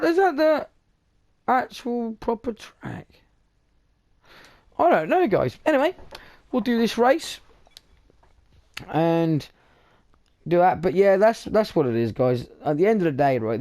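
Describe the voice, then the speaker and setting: Young British male streamer, casual sweary rambler, slightly high voice, dry close mic. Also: darkish tone, dry recording. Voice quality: swears freely, chatty, blunt. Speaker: gaming streamer. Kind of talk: casual rambling chat over gameplay.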